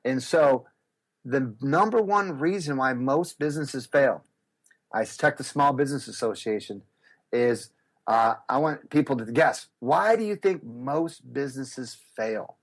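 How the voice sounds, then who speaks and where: A middle-aged man telling stories as an interview guest, acting out quotes with big jumps in his voice. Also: unhurried. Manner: lively, acts out quotes with big pitch jumps. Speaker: guest speaker and business coach. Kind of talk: animated storytelling interview.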